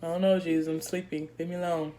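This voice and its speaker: A man's voice: on the high side, little pitch movement, fast talker, dark tone, slight background noise, pitched below the performer's own voice, lightly acted. A woman voicing a sleepy young male disciple who mumbles and brushes off a request. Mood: dismissive.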